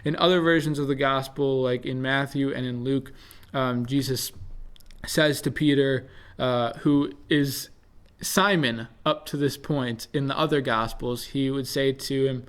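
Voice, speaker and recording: Young male presenter, casual scripture talk, relaxed and unpolished. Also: medium pitch, a little slow, clear, resonant tone. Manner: relaxed, thinks aloud with fillers. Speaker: bible study presenter. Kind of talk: casual bible reflection.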